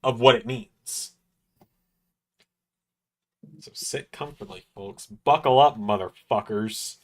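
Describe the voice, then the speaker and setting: A man's voice: lowish voice, slow. A man hosting a casual livestream watch-along, joking and swearing freely. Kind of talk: casual live commentary.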